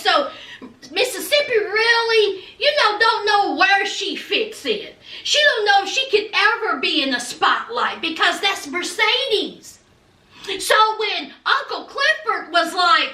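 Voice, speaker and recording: In an extremely high, pushed, bright voice, a very animated woman gives a chatty, dramatic recap of a TV episode at a measured pace. She plays out the characters' dialogue and sprinkles in "honey" and "child" constantly. The mic sits far from her, leaving a roomy, slightly off-mic sound.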